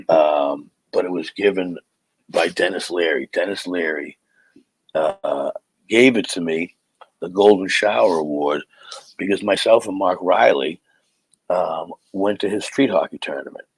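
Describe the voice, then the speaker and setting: Low and a bit breathy, this middle-aged Boston-area man's voice comes through a rough recording with no echo. As a comic hosting a live podcast, he chats casually and tells meandering, halting stories.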